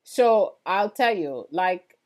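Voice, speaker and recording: A woman's voice: lowish voice, expressive, takes it slowly, a little mellow. A woman with an Antiguan accent hosting a live stream, chatting casually and with curiosity as she answers viewer comments. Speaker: livestream host.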